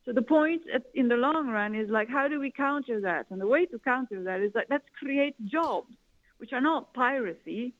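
A woman from Italy, a guest who advises governments, speaks in a conversational interview, rambling and using many "you know" fillers. Her voice is fairly high and animated at a moderate pace, heard over a tinny, phone-like line.

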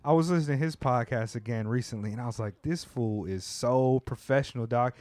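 Laid-back slangy podcast host. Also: male voice, medium pitch, fairly quick, a little mellow, no room sound. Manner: laid-back slangy banter, frequent restarts and "you know what I mean". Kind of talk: casual chat. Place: lives in Japan.

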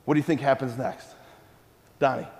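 A man who is a priest, giving an animated talk to a live audience and asking them many questions. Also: mid-range voice, normal speed, vocal fry. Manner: animated and playful, full of rhetorical questions. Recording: long reverb of a hall.

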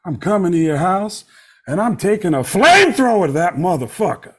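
A man doing an impression of a famous male movie star, recording a threatening voicemail greeting in a drawn-out, sing-songy delivery. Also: high-pitched, sing-song, slightly rough, pitched above the performer's own voice, exaggerated voice. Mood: menacing. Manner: threatening, slow and emphatic.

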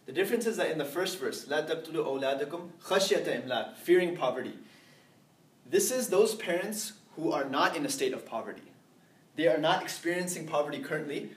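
A man teaching an Islamic lecture to a class, explaining step by step, mixing in Arabic phrases and checking that students follow. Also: on the high side. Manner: explains slowly, asks class if they understand; mixes in Arabic terms and phrases.

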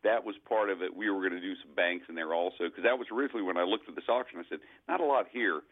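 Deep-voiced man on a tinny phone line. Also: very fast. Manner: chatty storyteller, easy laughs. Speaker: auctioneer. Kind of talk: casual radio chat.

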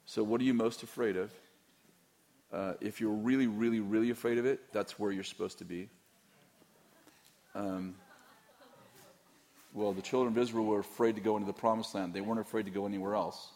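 This middle-aged pastor talks fairly fast yet pauses often, his lowish voice steady and slightly mellow. Taking questions from a church audience, he's candid, meandering, and teasing, restarting himself again and again.

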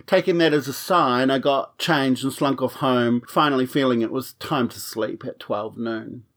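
Guy telling a funny messy dating story, frank, wry, swears a lot, mid pitch. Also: normal speed, few pauses, a bit bright. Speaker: podcast storyteller. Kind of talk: comic personal storytelling.

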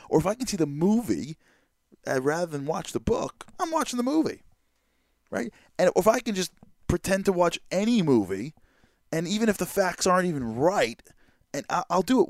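A man hosting a podcast, telling a personal story in a lively, chatty way with lots of fillers. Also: a little high, dry recording, clean studio sound. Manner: lively, quick anecdotal delivery with many fillers. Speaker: podcast host. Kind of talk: storytelling monologue.

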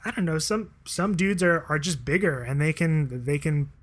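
A man chatting casually as a podcast co-host, relaxed and rambling, with lots of fillers and laughter. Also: fairly high pitch, moderate pace. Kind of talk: casual chat.

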